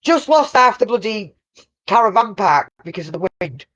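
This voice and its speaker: A woman's voice: mid-range voice, big pitch swings, normal speed, a bit bright, no echo, lo-fi sound. A woman co-hosting a casual live-stream chat, chatty and sweary. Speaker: co-host.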